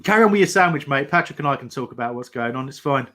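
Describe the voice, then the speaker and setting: A man's voice: mid-range voice, lively intonation, rapid-fire, fairly bright tone. A man giving casual running commentary on a football match, teasing his co-hosts. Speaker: watch-along co-host.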